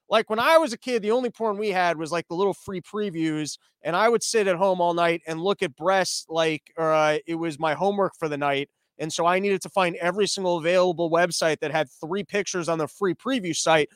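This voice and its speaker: A man with a high voice rants sarcastically about politics, swearing freely and wandering off on tangents. His delivery is loose and comedic. The recording is dry and close. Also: no room sound. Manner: profane, sarcastic, rambling.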